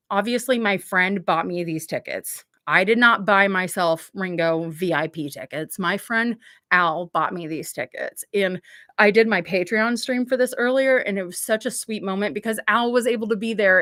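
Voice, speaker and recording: A woman hosts a livestream in a casual, rambling way, leaning heavily on "like" and other fillers and swearing bluntly. Her mid-range voice is a bit bright, captured in a dry, studio-quality recording.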